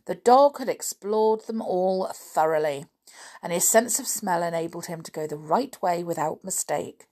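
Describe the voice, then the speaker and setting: A woman reading a children's adventure book aloud with expressive, dramatic narration. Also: on the low side, normal speed. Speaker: storyteller.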